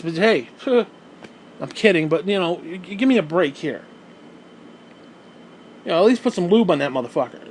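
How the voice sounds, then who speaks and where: A man's voice: a little high, a little hiss or hum. A man ranting as a wrestling fan, heated, sarcastic and full of swearing. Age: adult who watched wrestling since the 1980s. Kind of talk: profane rant.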